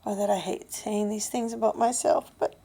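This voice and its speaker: A woman of fifty talking candidly in a vlog, blunt and swearing, dropping to a hushed breathy voice and then getting loud. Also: mid-range voice, steady tone, moderate pace. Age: 50s. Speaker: vlogger.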